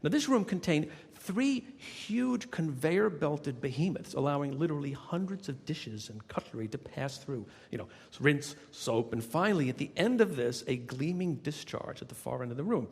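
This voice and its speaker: A man, a motivational speaker, telling a workplace anecdote in lively storytelling narration. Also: a little high, normal speed, vocal fry, few pauses, breathy edge. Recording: reverberant recording.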